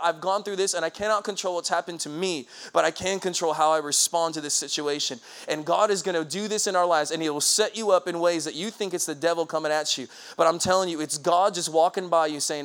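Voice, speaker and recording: High-voiced man preaching lively. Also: fast talker. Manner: lively, conversational preaching with laughs and acted-out quotes. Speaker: pastor. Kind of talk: sermon.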